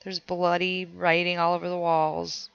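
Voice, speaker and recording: Chatty woman streamer with a gravelly voice. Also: lowish voice, flat delivery, a little slow, no room sound, muffled recording. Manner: chatty, reads game notes aloud, talks to chat. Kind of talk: casual let's play commentary.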